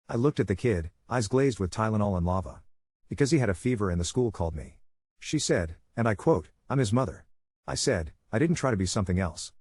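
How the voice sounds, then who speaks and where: A man's voice: lowish voice, darkish tone, no room sound. A man narrating a first-person story in a dry, wry storytelling manner.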